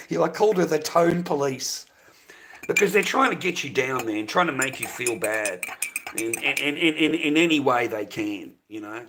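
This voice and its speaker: Bright-voiced ranting Australian man. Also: fairly high pitch, expressive, normal speed. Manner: heated, profane, rambling. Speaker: live streamer. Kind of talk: casual livestream rant.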